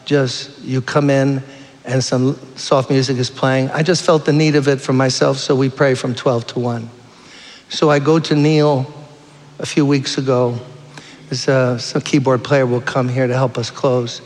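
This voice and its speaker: A man's voice: medium pitch, level tone, a little slow, long reverb tail. A man preaching a fervent sermon, telling stories and appealing to the congregation. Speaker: guest preacher. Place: church sanctuary.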